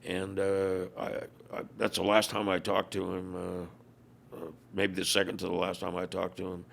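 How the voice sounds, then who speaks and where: In a podcast interview, an older former biker club leader recounts stories and performs the quoted dialogue himself. The deep, gravelly voice comes across completely flat at normal speed, with slight background noise.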